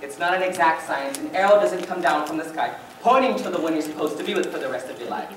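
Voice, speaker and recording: A rueful male theater lover confides and rambles to the audience, played by a student on stage. He sounds distant in an echoing auditorium. Steady hiss sits under the voice. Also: medium pitch, fast talker, close to an everyday voice. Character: wistful middle-aged male theater fan narrating. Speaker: student actor. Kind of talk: stage musical acting. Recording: echoey auditorium, distant mic, noisy.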